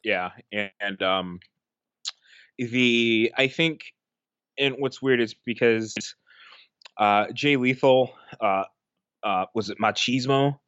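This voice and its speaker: A man's voice: medium pitch, slow, long pauses, fairly bright tone, smooth, dry recording, highs cut off. A man co-hosting a podcast in casual chat, rambling with many fillers and restarts. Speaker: podcast co-host.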